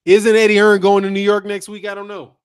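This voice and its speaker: Animated high-voiced man ranting on a live stream. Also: a little fast, clear, resonant tone, no echo, studio quality. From United States. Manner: animated, slangy, laughs often, repeats himself. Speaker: boxing channel host. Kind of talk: live-stream commentary reading chat.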